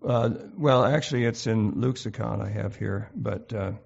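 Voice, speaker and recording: A man's voice: fairly low pitch, moderate pace, vocal fry, breathy edge, highs cut off. A man hosting an informal Bible study, thinking aloud with many fillers as he reads and explains scripture.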